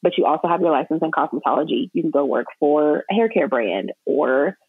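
A young woman chatting as a podcast guest, talking freely with lots of fillers and quick laughs. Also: deep voice, lively intonation, breathy edge, dry recording. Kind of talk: casual chat. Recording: tinny phone-like line.

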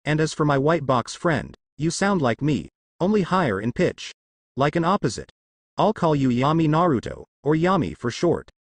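A brash young ninja who brags about legendary adventures, his voice swinging up and down with excitement, as a male reader puts him on. The sound is close and dry. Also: fairly high pitch, normal speed, dry recording. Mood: boastful. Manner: boisterous, bragging.

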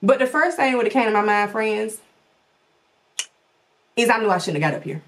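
A woman hosting her own show, talking casually and animatedly straight to her viewers, swooping her pitch for emphasis. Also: moderate pace, a little hiss or hum. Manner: animated, folksy, talks straight to her audience. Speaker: podcast host.

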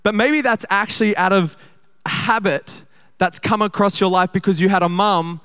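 Young man, preacher, high voice, smooth clear tone, chatty sermon, slows for scripture. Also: fairly bright tone. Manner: conversational, quick bursts, slows to read scripture. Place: church service.

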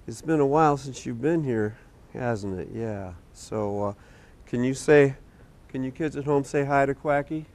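A man hosting a children's TV show, talking gently and patiently to young kids and a puppet in a studio. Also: medium pitch, a little slow. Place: community TV studio.

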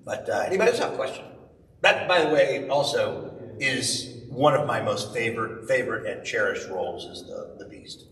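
Middle-aged man telling stories in an echoey hall. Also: moderate pace. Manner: animated storyteller, jumps high for quoted voices. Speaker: convention panel guest, voice actor. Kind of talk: live convention Q&A storytelling. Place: large convention hall. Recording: echoey hall, far from mic, faint hiss.

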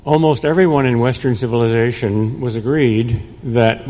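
An older man giving a prepared lecture in a measured way, with a dry, wry humor. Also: mid-range voice, mellow. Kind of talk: prepared lecture read aloud. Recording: long reverb in a large room.

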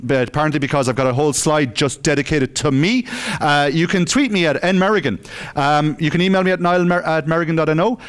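A man giving a comic conference talk on stage, joking and acting out dialogue. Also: on the high side. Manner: joking, self-mocking, acts out dialogue. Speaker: conference speaker.

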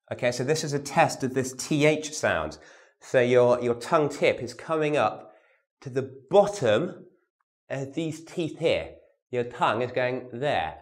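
A man teaching a vocal warm-up lesson. He demonstrates syllables and tongue twisters, repeats them, and gives the learner encouraging instructions. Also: mid-range voice, animated, moderate pace. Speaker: speech and voice teacher.

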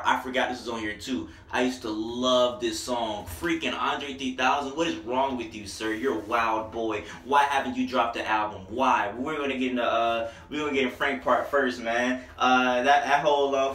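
A young man giving an excitable, emotional album review vlog, breaking into sung snippets. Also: mid-range voice. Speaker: music reviewer. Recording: echoey room, distant from the mic.

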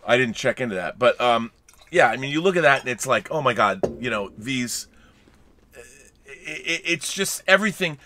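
A man's voice: medium pitch, lively intonation, moderate pace, background noise. A man co-hosting a movie review show, chatting casually and rambling with many restarts and fillers. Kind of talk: casual film review chat.

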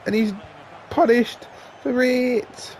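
A man giving live, sweary commentary on his own football video game, jumping between excited shouts and flat grumbling. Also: very high voice, slow pace, a little hiss or hum. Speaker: gaming YouTuber.

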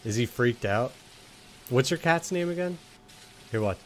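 A man's voice: medium pitch, animated, measured pace, a little hiss or hum. Young man casually narrating a game. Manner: joking, talks to the game characters, swears. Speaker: gaming streamer.

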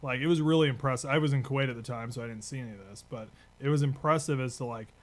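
A man, an Army veteran, telling rough, profane stories with frequent laughs in casual podcast chat. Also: medium pitch, rapid-fire.

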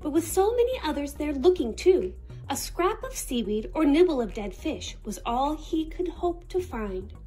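A woman reading a picture book aloud as storyteller, expressive and unhurried. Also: high voice, soft background music. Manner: expressive and slow-paced.

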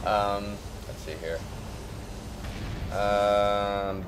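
A man's voice: fairly low pitch, slow, long pauses, slight background noise. A man hosting a let's play, chatting and laughing as he plays through the game. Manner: chatty, distracted, laughs often. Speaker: let's play host and player. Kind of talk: casual gameplay commentary.

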